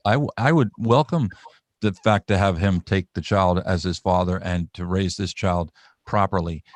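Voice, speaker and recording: An older man with a low voice chats casually on a video call at a moderate pace, with no echo. A parent and grandparent, he shares a family court story, rambling, restarting often and laughing easily.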